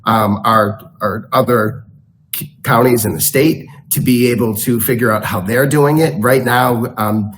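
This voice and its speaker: Man, mid pitch, formal board presentation, measured delivery with fillers. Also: fairly even intonation, a bit bright, poor audio. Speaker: school district official presenting.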